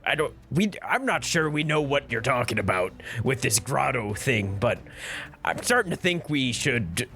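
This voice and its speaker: A man's voice: medium pitch, big pitch swings, normal speed, bright, forceful tone, soft background music. A man playing a tabletop game, describing his character's actions in an easygoing, hesitant way. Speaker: player.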